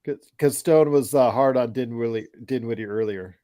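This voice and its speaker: A man in his forties hosting a casual basketball chat, rambling with restarts and sudden excited outbursts. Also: medium pitch, normal speed. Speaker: host of a basketball chat show. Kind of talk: casual live game chat.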